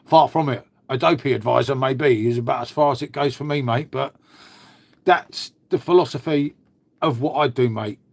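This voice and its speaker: A man's voice: mid-range voice, moderate pace, creaky. A man, hosting a live stream in a casual chat, chatty and matey, swearing freely and answering viewers. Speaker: beer channel host.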